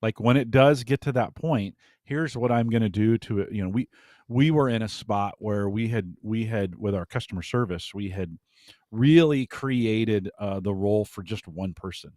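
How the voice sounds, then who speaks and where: A man talking as a guest in a casual podcast chat, animated and often chuckling, with frequent restarts. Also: fairly low pitch, moderate pace, dry recording, clean studio sound.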